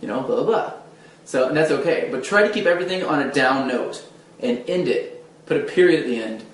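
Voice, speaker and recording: A man gives earnest coaching on how to sound confident, often restarting his sentences. His middle-pitched voice is picked up from a little way off. The room around him rings with a roomy echo. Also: animated, brisk. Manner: earnest, with frequent restarts and fillers. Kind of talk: direct-to-camera advice talk. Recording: roomy echo, mic at a distance.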